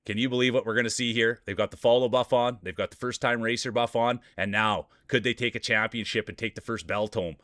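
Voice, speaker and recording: A man's voice: mid-range voice, steady tone, brisk, few pauses, fairly bright tone, no echo, studio quality. Upbeat male streamer calling marble races. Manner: upbeat, greets chat viewers by name, hypes race finishes. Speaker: streamer and race commentator. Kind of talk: live-stream play-by-play commentary.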